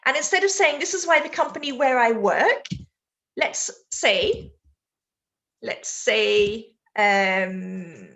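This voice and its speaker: A woman's voice: on the high side, expressive, slow, vocal fry, a bit bright. A British woman teaching a live online lesson, giving essay feedback in a chatty way and reacting to viewers' messages. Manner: chatty, laughs easily, reads chat aloud mid-sentence. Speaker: IELTS teacher.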